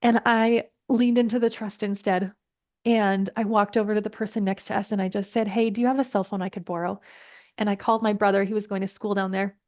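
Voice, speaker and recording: A woman in her thirties tells a personal story as a podcast guest. She is earnest and reflective, her pitch sitting in an ordinary middle range, with a natural, sincere delivery. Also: steady tone, darkish tone. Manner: earnest, reflective, quick asides. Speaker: podcast guest, parenting coach. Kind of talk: conversational storytelling.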